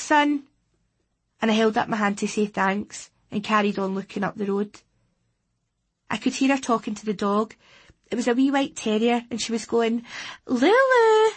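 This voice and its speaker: A woman with a Scottish accent reading a first-person audiobook as a teenage boy, steady and plain. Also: mid-range voice, husky. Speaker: audiobook reader.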